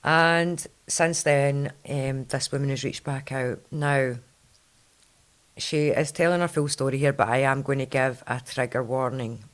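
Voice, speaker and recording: A woman with a Scottish accent hosting a podcast in a chatty, rambling way. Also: very deep voice. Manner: chatty, quick, rambling storyteller. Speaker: podcast host. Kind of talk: casual chat.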